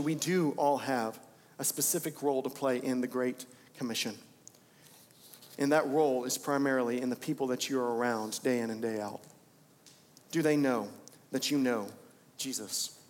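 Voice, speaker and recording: A young adult man preaching a sermon as pastor of a church, impassioned and repeating phrases for emphasis. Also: medium pitch. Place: church sanctuary. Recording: church hall reverb.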